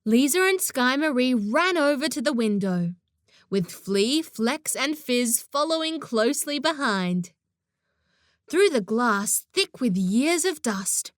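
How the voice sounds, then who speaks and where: A woman narrating a children's audiobook in an expressive storytelling manner, close to the mic. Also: on the high side, slow pace, no room sound.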